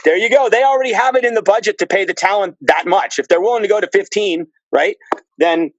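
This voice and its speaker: A man guest on a podcast, telling stories in casual, profane, animated chat. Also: sits high, fast, dry recording, highs cut off.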